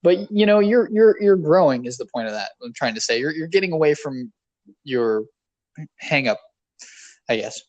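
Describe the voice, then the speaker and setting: A man's voice: fairly high pitch, animated, moderate pace, pauses often, a little mellow, no room sound, muffled recording. A man co-hosting a casual podcast, talking in a rambling, self-deprecating way. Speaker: podcast co-host.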